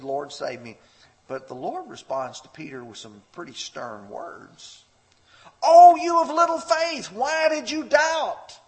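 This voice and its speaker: A man preaching a sermon, telling a story expressively and leaping up in pitch when he quotes scripture. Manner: storytelling with a personal anecdote. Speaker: pastor.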